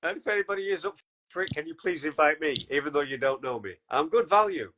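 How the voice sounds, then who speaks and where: Male host, slightly high voice, halting and filler-heavy, chatty. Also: expressive, fairly bright tone. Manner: hesitant, many fillers, laughs often. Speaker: podcast host. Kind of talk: casual podcast chat.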